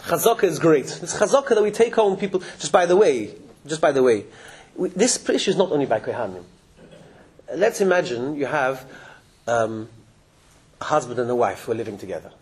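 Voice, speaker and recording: Male religious teacher lecturing a room of listeners, high and lively voice, chuckles and restarts often. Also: brisk. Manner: animated, chuckling, with frequent restarts. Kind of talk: lecture to a live class. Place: classroom with listeners.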